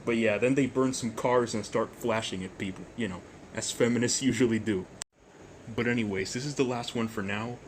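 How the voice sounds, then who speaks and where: A young man hosting a storytime vlog, rambling and jokey, with deadpan asides. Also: medium pitch, a little fast, slight background noise. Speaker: YouTuber storyteller.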